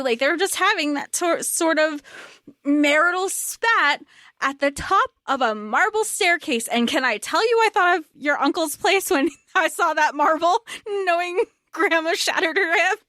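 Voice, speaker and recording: A woman's voice: high voice, unhurried, sharp tone, no echo. A woman co-hosting a podcast, chatting casually about a film, laughing often and quoting its lines in exaggerated voices. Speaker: podcast co-host. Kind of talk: casual movie discussion chat.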